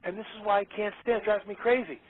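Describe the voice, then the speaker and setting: A man speaking as a guest on a radio interview, emphatic and excitable, often repeating his words. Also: high voice, racing, breathy edge. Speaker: guest author. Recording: tinny phone line.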